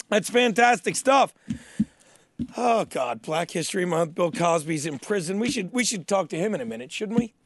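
A man's voice: high voice, expressive, unhurried, fairly bright tone. A man hosting a comedy talk show, rambling and joking at his own expense. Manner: rambling, joking, self-mocking. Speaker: show host.

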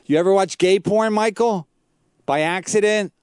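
Guy hosting a comedy podcast, smooth clear voice, kinda high, swears a lot, dry close mic. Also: moderate pace, darkish tone, no room sound. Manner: wisecracking, profane, teasing. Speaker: podcast host. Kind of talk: casual comedy podcast banter.

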